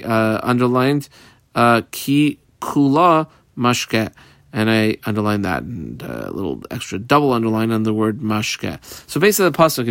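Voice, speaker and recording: A man's voice: medium pitch, fairly bright tone, smooth, no echo, studio quality. A man teaching a Talmud page in a casual, conversational way, translating line by line with frequent fillers. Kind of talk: casual Talmud study lesson.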